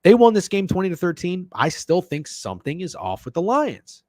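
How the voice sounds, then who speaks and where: A man's voice: high-pitched, huge pitch swings, normal speed, darkish tone, no echo. A man hosting a sports betting show, ranting in casual, profane chat and answering messages from viewers. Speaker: sports betting podcast host.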